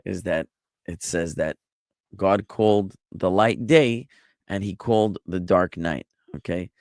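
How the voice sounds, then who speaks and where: A rabbi giving an online Bible Hebrew lesson, explaining step by step in a patient way with small jokes. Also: male voice, low voice, unhurried, darkish tone, no echo, studio quality. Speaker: rabbi teaching a Hebrew class.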